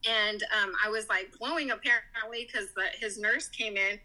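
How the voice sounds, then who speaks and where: Bright-voiced woman telling an emotional story. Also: mid-range voice, normal speed, rough recording. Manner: animated, quoting others in lively voices. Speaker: guest, mother.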